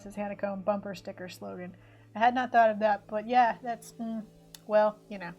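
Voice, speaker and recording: A woman's voice: medium pitch, fairly even intonation, normal speed, dull audio. A woman chatting casually on a livestream, rambling and correcting herself, slipping into mock race commentary. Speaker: streamer. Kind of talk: casual livestream chat while drawing. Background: faint music.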